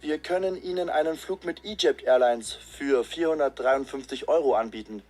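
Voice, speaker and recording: Man doing a businesslike clerk, exam listening audio, quick matter-of-fact, husky voice. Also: medium pitch, a little mellow, soft background music, close to an everyday voice. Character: brisk male travel agent and passerby. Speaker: voice actor in language exam audio. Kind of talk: scripted exam listening recording.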